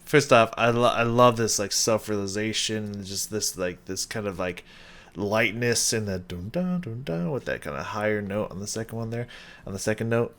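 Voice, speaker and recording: A man hosting a casual reaction video, excitable, swearing often and laughing between thoughts. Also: lowish voice, moderate pace.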